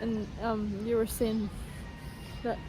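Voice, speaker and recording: A woman's voice: fairly high pitch, flat delivery, takes it slowly. A young woman chatting casually as a travel vlogger while sightseeing, giggly and thinking aloud with plenty of fillers. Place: walking outdoors and through a museum, filming on a camera. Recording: clear background noise from outdoor surroundings.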